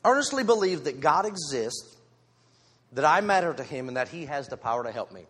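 A lay preacher holds a handheld mic and delivers a casual, candid sermon to his congregation, poking fun at himself and tossing in jokes. He speaks briskly in a slightly high, sing-song voice that is a bit bright with a breathy edge, and the sanctuary adds long hall reverb.

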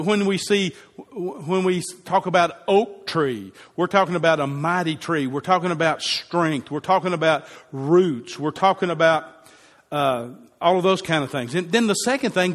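A man's voice: fairly high pitch, lively intonation, unhurried, fairly bright tone. A man preaching a sermon to a congregation, emphatic and repeating key phrases for effect. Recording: long hall reverb.

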